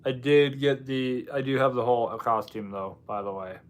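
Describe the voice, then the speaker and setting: A man's voice: medium pitch, moderate pace. A man hosting a casual livestream, chatting with viewers in a rambling, self-deprecating way. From United States. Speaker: livestream host. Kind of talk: casual live chat with viewers.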